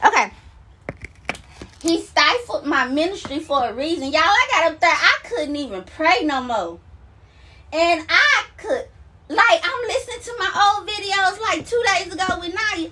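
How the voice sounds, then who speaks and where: A woman's voice: very high voice, expressive, normal speed, pushed and bright, far from the mic. A woman fervently sharing a religious testimony while recording herself and pacing, repeating herself with bursts of exclamation. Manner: fervent and repetitive, with frequent exclamations and laughs. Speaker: self-described minister sharing a testimony. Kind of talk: emotional spoken testimony to viewers. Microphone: self-recording on a phone recorder.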